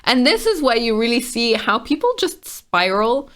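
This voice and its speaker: A woman's voice: on the high side, big pitch swings, moderate pace, a bit bright. A woman casually reading online comments aloud and reacting to them with frank exasperation.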